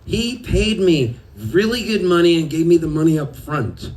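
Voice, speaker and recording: A man telling stories between songs at a live show, animated and self-mocking, often laughing as he talks. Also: fairly high pitch, normal speed. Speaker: singer-songwriter telling stories on stage. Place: live music venue with an audience. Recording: distant live room recording with crowd. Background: audience and ambient noise.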